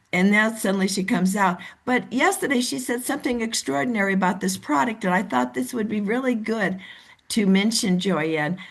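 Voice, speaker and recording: A woman leading a team meeting over a video call. She coaches in an animated way and acts out the voices of the people she describes. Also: medium pitch, vocal fry. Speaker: team leader. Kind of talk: motivational coaching talk.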